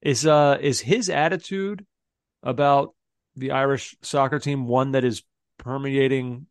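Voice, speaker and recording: A man's voice: medium pitch, steady tone, measured pace, no room sound, clean studio sound. A man co-hosting a casual podcast chat, offering brief reactions and asking probing questions. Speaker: podcast co-host.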